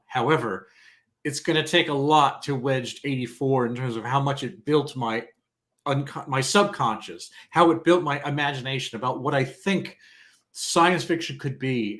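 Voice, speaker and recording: A man talks as a guest in a casual film chat, animated and blunt, with swearing mixed in. His voice sits at an ordinary pitch. He sounds as if he is on a video call. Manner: animated, swears freely, acts out quoted lines. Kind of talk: casual film discussion on a livestream.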